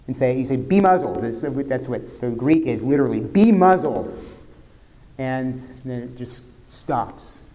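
A man preaching a sermon, talking conversationally, retelling scenes vividly and dropping suddenly quiet at times. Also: mid-range voice, lively intonation, unhurried. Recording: long hall reverb.

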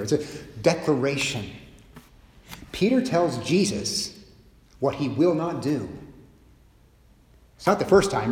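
A middle-aged male pastor delivers a sermon with a voice a little higher than most men's. He moves between quiet, slow reflection and quick, animated storytelling, acting out quotes with humor. The sound rings around a roomy church sanctuary with a long reverb tail. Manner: expressive, shifts pace and loudness, acts out quotes with humor.

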